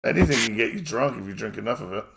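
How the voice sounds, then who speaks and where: A man's voice: fairly low pitch, lively intonation, rapid-fire, gravelly, crowd noise. A man narrating as game master, teasing the players. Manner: teasing, joking.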